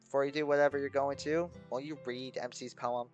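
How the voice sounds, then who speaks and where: A man voicing an exhausted, despairing teenage girl who talks quietly and haltingly, apologizing as she goes. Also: mid-range voice, steady tone, faint music behind, lightly acted. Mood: resigned.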